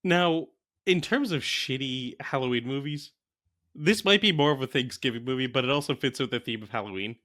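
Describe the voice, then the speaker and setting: A man's voice: mid-range voice, brisk, fairly bright tone. A young adult man co-hosting a podcast, casually and incredulously retelling scenes from a bad movie. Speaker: podcast co-host. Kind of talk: casual movie review chat.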